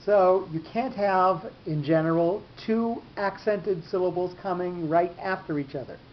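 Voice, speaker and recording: A man teaching a class on cantillation marks. He explains patiently, rephrases often, and fills pauses with ums. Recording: dull lo-fi recording with faint rumble.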